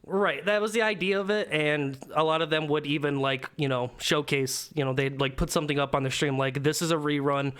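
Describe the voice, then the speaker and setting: A man's voice: a little high, steady tone, brisk, hardly any pauses, a bit bright, clean tone. A man co-hosting a casual gaming podcast, rambling with lots of fillers and casual swearing. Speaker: podcast co-host.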